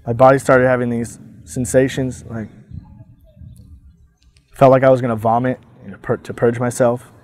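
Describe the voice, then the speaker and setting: A man speaking as an abuse survivor, giving a personal testimony in a halting, hesitant way with frequent pauses and restarts. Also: mid-range voice, level tone, a little mellow. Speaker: abuse survivor telling his story.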